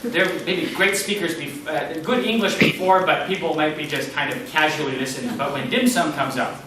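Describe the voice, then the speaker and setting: A man giving an animated lecture in a lecture room, with big swings in loudness. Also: fairly high pitch, brisk, slight background noise. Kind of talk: lecture on presenting. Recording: echoey room from far off.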